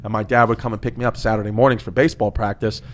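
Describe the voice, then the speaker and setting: A man's voice: fairly low pitch, rapid-fire, slight background noise. Man telling a rambling profane story. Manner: animated, profane, rambling with many restarts. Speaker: comedian guest on a podcast. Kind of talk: casual storytelling.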